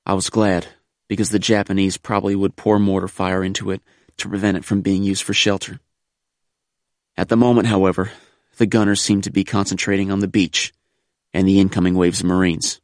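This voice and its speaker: Sober deep-voiced male memoir narrator. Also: flat delivery, dry recording, clean studio sound. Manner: measured, sober, reflective. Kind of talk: scripted first-person memoir narration.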